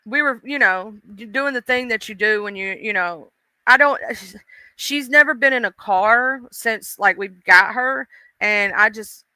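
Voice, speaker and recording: A woman's voice: mid-range voice, pushed and bright, clear, resonant tone, no echo. A woman hosting a casual livestream, chatting emotionally and greeting viewers in chat by name. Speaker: livestream host.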